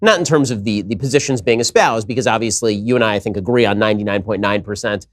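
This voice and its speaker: A man hosting a political discussion, making his case in quick, argumentative bursts. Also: fairly low pitch, no echo, clean studio sound. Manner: rapid, argumentative.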